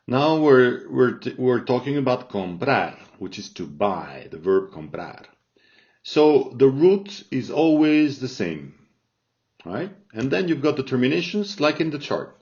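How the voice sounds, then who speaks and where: Slow, patient male language teacher. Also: medium pitch, big pitch swings, darkish tone. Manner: patient, repeats and checks with "all right?". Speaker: Spanish teacher. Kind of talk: slow spoken language lesson. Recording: dull lo-fi recording.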